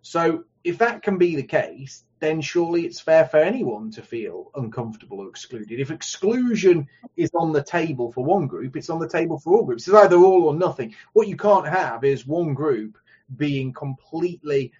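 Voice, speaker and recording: Casual: husky guy hosting a livestream, slow and deliberate, muffled stream audio. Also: a little high, lively intonation, a little mellow. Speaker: livestream host. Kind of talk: casual livestream chat, reading donations.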